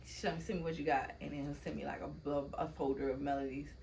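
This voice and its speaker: Chatty woman with AAVE, lower voice. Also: steady tone, fast, darkish tone, a little hiss or hum. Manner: chatty storyteller, laughs often, acts out quotes. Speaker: poet and guest. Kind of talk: casual interview chat.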